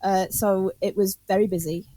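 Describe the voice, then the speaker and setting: A woman's voice: mid-range voice, fairly even intonation, normal speed, dark tone, dry recording. A woman tells a story on a podcast in casual chat. She laughs often, swears freely and acts out the quotes. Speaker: podcast co-host.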